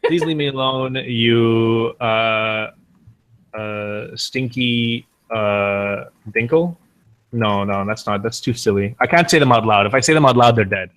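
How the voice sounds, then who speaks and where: A man in casual conversation on a podcast, a streamer telling stories about himself. He rambles with plenty of restarts and filler words and swears freely. His voice sits at an ordinary middle pitch. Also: a little slow, fairly bright tone. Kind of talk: casual chat.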